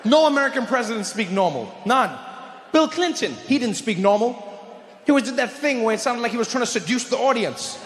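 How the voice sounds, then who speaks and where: A man performing a stand-up comedy set, animated, hammering home repeated punchlines. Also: very high voice, brisk, a little hiss or hum. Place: live comedy venue. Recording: echoey live hall. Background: audience laughter.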